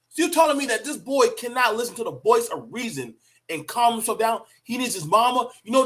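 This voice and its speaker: A middle-aged man lectures his listeners in a casual, profane monologue. His voice sits high for a man and has a bright, forceful edge. He talks bluntly and preaches hard. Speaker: commentator on parenting.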